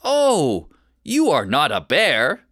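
A storyteller voicing Pam, a little girl who complains a lot, in a higher voice than the narration. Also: huge pitch swings, slow, fairly bright tone, no room sound, clean studio sound, exaggerated voice. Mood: disappointed.

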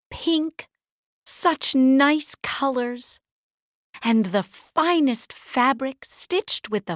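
Slow, lively storybook reader woman. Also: no room sound, studio quality. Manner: clear, deliberate reading with lively pitch. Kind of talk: slow read-aloud storybook narration.

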